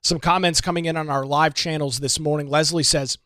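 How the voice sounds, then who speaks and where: Indignant talk show host. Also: male voice, on the high side, fairly even intonation, brisk, bright, forceful tone, dry recording, studio quality. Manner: emphatic, indignant, rhetorical repetition. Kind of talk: political talk show monologue.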